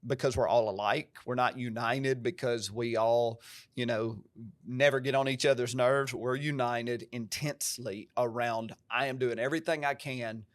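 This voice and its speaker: Man, pastor, country twang, emphatic preacher-like manner, mid-pitched voice, dry close sound. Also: steady tone, normal speed, no room sound. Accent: American country twang. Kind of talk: podcast conversation.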